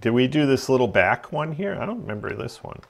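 Creaky-voiced man chatting while gaming. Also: medium pitch, sing-song, a little fast. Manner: chatty, laughs often, mutters asides. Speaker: streamer. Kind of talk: casual gaming chat.

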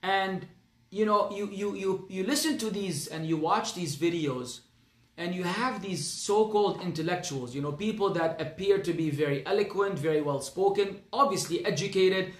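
A man's voice: sits high, moderate pace, reverberant. A man with an Arabic accent teaching a religious class, speaking earnestly and emphatically, often repeating his phrases. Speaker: Islamic teacher.

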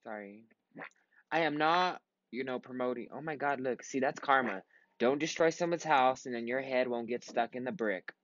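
A man's voice: medium pitch, normal speed, a bit bright. Young man, gaming commentary, rambling, tired, swears a lot, dull lo-fi sound. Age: 20s. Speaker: gaming vlogger. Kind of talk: casual gameplay commentary.

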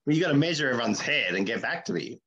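Blunt, crude deadpan man. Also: medium pitch, very fast, breathy edge, muffled recording. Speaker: podcast co-host. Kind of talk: casual comedy podcast banter.

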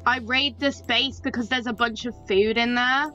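A woman with a British accent, chatting excitably and giggling as she plays an online game with a friend. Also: a little high, normal speed. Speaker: gamer. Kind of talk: casual gameplay chat. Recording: lo-fi voice chat with faint game music.

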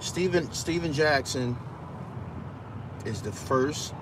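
A man's voice: on the high side, expressive, slow, background noise. A man hosting a casual live stream, talking loosely and with profanity as he reads out viewer comments and gives his take. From Brooklyn, New York.

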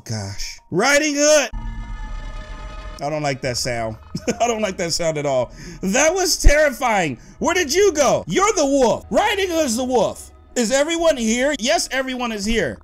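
A man commentating a story game, reading dialogue aloud and chatting with viewers, excitable and quick to yelp and shout when scared. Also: very high voice. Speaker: gaming YouTuber.

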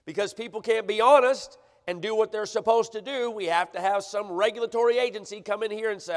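A man's voice: sits high, fairly quick, few pauses. A man preaching a sermon, emphatic and often checking in with the congregation. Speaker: pastor. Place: church sanctuary. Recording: church livestream with long hall reverb.

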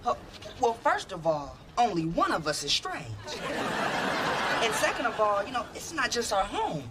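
A cheesy flirt. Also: male voice, sits high, very animated, moderate pace, a crowd in the background, noisy background. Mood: flirty. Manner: cheesy, flirty, laughing through his lines. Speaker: flirtatious bed and breakfast host. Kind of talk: sitcom acting.

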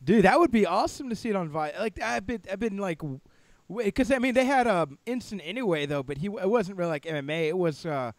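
A man hosting a podcast, talking in an excitable, enthusiastic way and casually tossing in "man" and "dude". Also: high voice, fast talker, no room sound. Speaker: podcast host.

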